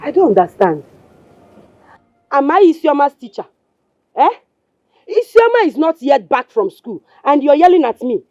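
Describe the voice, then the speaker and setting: A woman's voice: high-pitched, very animated, moderate pace, pauses often, mellow, soft background music. A woman with a Nigerian accent playing a bitter, sarcastic wife who scorns her husband's niece in a film scene. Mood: scornful. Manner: taunting and sarcastic. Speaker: actress. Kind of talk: Nollywood film acting.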